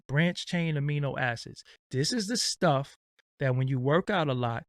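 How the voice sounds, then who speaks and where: A man's voice: medium pitch, vocal fry, darkish tone, dry recording, clean studio sound. Blunt, rambling male streamer. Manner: blunt, profane, streetwise, rambling. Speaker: channel host. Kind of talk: casual livestream rant.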